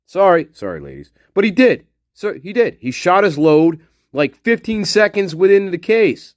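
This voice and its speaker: Male streamer, angry profane rant, higher voice swinging widely in pitch, close and dry sound. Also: expressive, moderate pace, no room sound. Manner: muttering while reading chat. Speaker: livestream host. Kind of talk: casual livestream chat.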